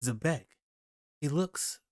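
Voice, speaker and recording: A man's voice: on the high side, lively intonation, slow, darkish tone, no echo, studio quality. A man hosting a comic reaction video, reading the chapter aloud and reacting casually, often thinking aloud with hesitant restarts. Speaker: host.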